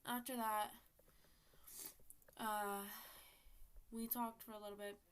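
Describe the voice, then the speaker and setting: A woman's voice: medium pitch, little pitch movement, slow pace, a little hiss or hum. A teenage girl casually telling a personal story to her viewers, acting out text messages with lots of fillers. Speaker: storytime vlogger.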